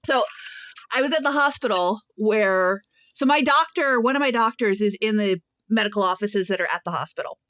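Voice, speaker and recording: A woman co-hosting a podcast, telling animated stories in casual chat and laughing often. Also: medium pitch, normal speed, no echo. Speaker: podcast co-host. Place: Nashville.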